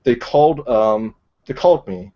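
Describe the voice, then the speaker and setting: A man streaming and chatting casually, telling stories in a rambling, deadpan way with lots of fillers. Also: mid-range voice, normal speed, highs cut off. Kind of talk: casual live-stream chat.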